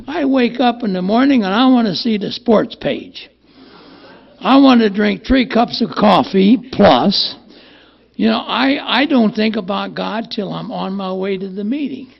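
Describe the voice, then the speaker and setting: Gravelly older man telling his story. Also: high-pitched, animated, measured pace. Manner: plainspoken, rambling, repeats words. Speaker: recovery meeting speaker. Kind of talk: personal testimony at a meeting. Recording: muffled lo-fi recording.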